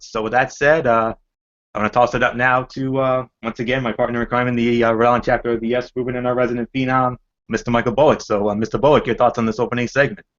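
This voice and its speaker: Fast-talking low-voiced podcast host. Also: male voice, a bit bright. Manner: fast, loose, hands off to co-host. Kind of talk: casual podcast chat. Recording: slightly dull lo-fi audio.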